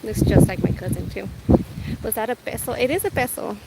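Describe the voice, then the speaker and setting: A woman's voice: a little high, lively intonation, brisk, creaky. A woman chatting casually on a food vlog, laughing often and retelling what others said, outdoors on a street. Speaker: food vlogger. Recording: noisy outdoor street sound. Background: street noise and wind.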